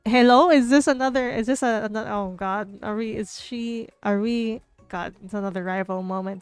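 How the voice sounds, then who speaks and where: A woman's voice: on the high side, steady tone, normal speed, few pauses, clean tone, dry recording, faint music behind. A young woman streamer playing a dating game aloud, reading the narration with playful, jokey asides.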